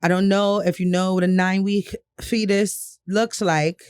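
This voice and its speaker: A woman's voice: medium pitch, steady tone, moderate pace, a little mellow, clear, resonant tone, dry recording. New york lady cohost spilling a wild story, swears a lot, laughs, dry close mic. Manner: candid, profane, laughing often. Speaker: podcast co-host. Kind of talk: casual storytelling chat.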